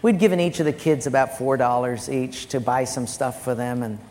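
A man preaching as a pastor, telling personal stories in an animated way and loudly acting out the voices in them. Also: mid-range voice, normal speed, slight background noise. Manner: animated storytelling with loud acted quotes. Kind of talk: sermon. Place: church sanctuary. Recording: long church-hall reverb, faint music.

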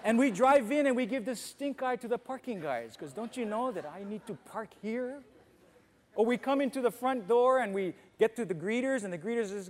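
High-voiced pastor preaching in a reverberant church. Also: male voice, lively intonation, brisk, darkish tone, slight background noise. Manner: conversational, asks the congregation questions. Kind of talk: sermon. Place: church auditorium. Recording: long reverb of a church hall.

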